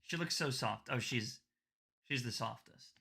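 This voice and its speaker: A woman's voice: rumbling low, unhurried, gravelly, bright, forceful tone, slight background noise. A woman hosting a casual livestream, chatting in slang and cooing baby talk at a dog. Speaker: livestream host opening trading cards. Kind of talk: casual live-stream chat.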